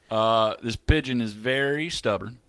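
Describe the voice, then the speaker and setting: A man's voice: medium pitch, unhurried, a bit bright, clear, resonant tone, no echo. A man co-hosting a sports show, chatting casually in a playful, joking way and laughing often. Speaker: co-host.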